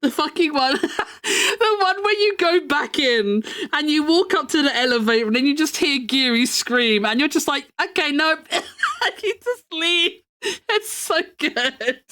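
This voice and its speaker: A woman's voice: sits high, lively intonation, a little slow, pushed and bright. A young woman streamer chatting casually, rambling, joking about herself and swearing freely.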